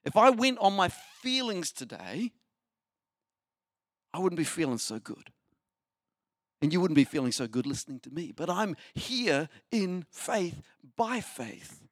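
A man preaching a sermon as pastor, animated, asking the listeners rhetorical questions. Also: high voice, measured pace, no echo, studio quality. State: short on sleep.

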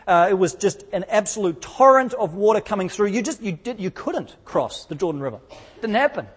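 A man's voice: sits high, expressive, brisk, breathy edge. A man preaching a sermon in church, telling the story with energy and acting out the quotes. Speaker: pastor.

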